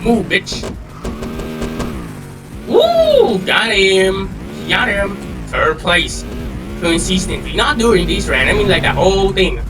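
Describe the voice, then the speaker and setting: Young man, gameplay commentary, trash-talking, slangy, somewhat high voice, unhurried delivery. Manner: excitable trash-talking with frequent swearing and slang. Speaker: gaming channel host. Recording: distant mic with game music behind.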